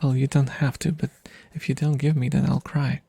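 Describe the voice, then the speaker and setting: A man chats softly and ramblingly to his stream audience, self-deprecating and often drifting down into whispers. His voice is mellow and husky, with a gravelly edge, and it sits close to the microphone in a dry, dead room. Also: mid-range voice, flat delivery, moderate pace, no room sound. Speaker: ASMR streamer. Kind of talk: soft rambling ASMR chat.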